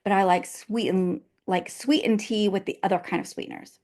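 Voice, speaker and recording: A woman's voice: medium pitch, moderate pace. Chatty woman podcast host. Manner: lively personal storytelling, frequent agreeing interjections. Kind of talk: casual podcast conversation.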